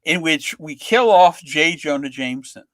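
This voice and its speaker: Older male guest, lively anecdote teller, high bright voice with big swings, dry close mic. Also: normal speed, dry recording. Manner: lively storyteller, acts out voices in quotes. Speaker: comics writer, guest. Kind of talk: animated anecdote telling.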